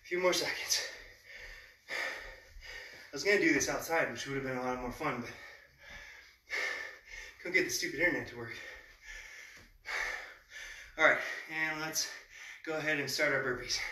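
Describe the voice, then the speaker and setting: A man's voice: on the high side, normal speed, long pauses, sharp tone. A man coaching a live online workout while exercising himself, out of breath, calling cues and countdowns at home. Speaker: fitness trainer. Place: indoor room at home. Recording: echoey room, distant mic, faint hiss.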